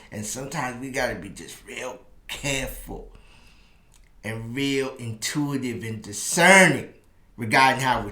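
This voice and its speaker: A man in his fifties hosting a relationship advice channel, telling a personal story in an animated way that turns slower and more reflective. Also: mid-range voice. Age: 50s. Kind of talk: personal storytelling monologue to camera. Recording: roomy echo.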